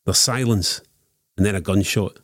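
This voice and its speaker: A man's voice: fairly low pitch, normal speed, fairly bright tone, no room sound, studio quality. A man hosting a podcast, steering a casual chat and reading out jokes. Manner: leads the talk and tells jokes from lists. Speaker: podcast host.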